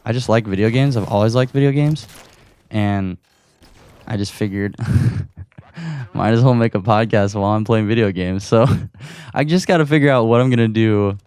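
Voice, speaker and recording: A man with a smooth, slightly mellow, lowish voice talks at a normal speed but pauses often. He's hosting his solo gaming podcast from his room at home, chatting casually. He laughs frequently, teases himself, and sounds a little out of breath.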